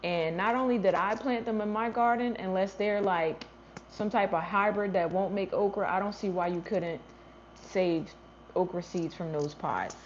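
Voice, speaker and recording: A woman's voice: mid-range voice, normal speed, slight background noise. A woman hosting a gardening livestream in casual chat, answering viewer comments and thinking aloud as she goes. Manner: chatty, thinks aloud, trails off and restarts. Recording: slightly dull lo-fi livestream audio.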